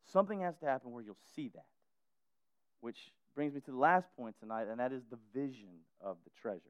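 A man preaching a sermon in a casual, animated way, full of slang and repetitions. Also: medium pitch, a little fast, clean tone, dry recording.

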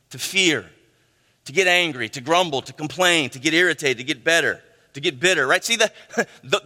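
Animated high-voiced preacher in a reverberant hall. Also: male voice. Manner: animated preaching, frequent "right?" asides, acts out quoted voices. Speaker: pastor. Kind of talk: sermon.

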